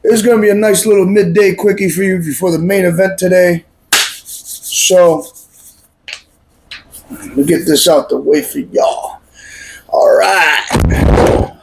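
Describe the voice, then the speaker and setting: A brash male host with a high voice talks in a boisterous, profane, repetitive way, often shouting. A faint hiss sits under his voice. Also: takes it slowly, long pauses. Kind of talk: brash comedic call-in show.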